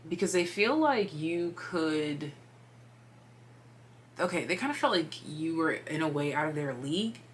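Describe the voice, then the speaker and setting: Low-voiced chatty woman tarot reader. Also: expressive, measured pace, slight background noise. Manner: chatty, meandering, filler-heavy, drops into whispers. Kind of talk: casual tarot reading.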